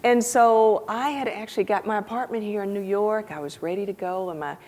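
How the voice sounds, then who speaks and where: A middle-aged woman, a guest on a stage interview before a live audience, telling an animated anecdote and acting out the dialogue. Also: mid-range voice, brisk. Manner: animated anecdotal storytelling, acts out quoted dialogue. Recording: echoey hall.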